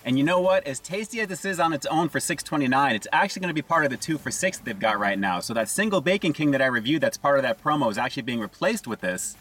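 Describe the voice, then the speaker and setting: A man casually reviewing fast food on his vlog, upbeat and full of catchphrases, talking to viewers as "guys". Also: medium pitch, lively intonation, fairly bright tone, husky, recorded from a distance, faint music behind.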